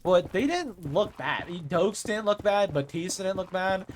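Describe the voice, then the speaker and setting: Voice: medium pitch, lively intonation, a little slow, a little hiss or hum. A streamer chatting casually over live gameplay, rambling with lots of fillers and casual swearing.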